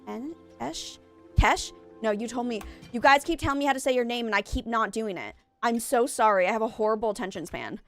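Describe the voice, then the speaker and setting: Streaming a game live, a young woman chats rambling and casual with her audience, often correcting herself, her nose stuffy. She talks fairly quickly in a voice on the high side with lively intonation, over faint music.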